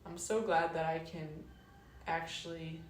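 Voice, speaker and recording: Low-voiced woman musing in a roomy space. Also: little pitch movement, distant mic, a little hiss or hum. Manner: unhurried, searching, drawn-out phrasing with soft trailing lows. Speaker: wellness host. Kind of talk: reflective casual monologue. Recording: roomy, mic set back.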